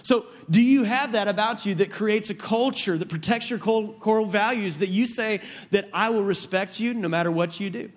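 A man's voice: sits high, moderate pace, few pauses. A man preaching a sermon on marriage, earnest, often repeating words as he builds a point. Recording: long reverb of a large hall.

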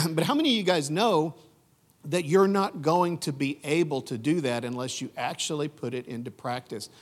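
A man's voice: on the high side, moderate pace. A man preaching a sermon as pastor, emphatic and repeating his key phrases.

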